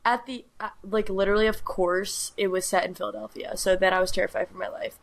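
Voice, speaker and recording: A woman's voice: medium pitch, flat delivery, fast, vocal fry. A young woman co-hosting a podcast, telling a story in rambling casual chat with lots of fillers. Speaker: podcast co-host.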